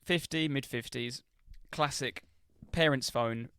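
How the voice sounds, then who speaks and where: A man co-hosting a football podcast, telling a story with lively energy. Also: mid-range voice, slow pace, clear, resonant tone, dry recording, studio quality. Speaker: podcast co-host. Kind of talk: casual football podcast chat.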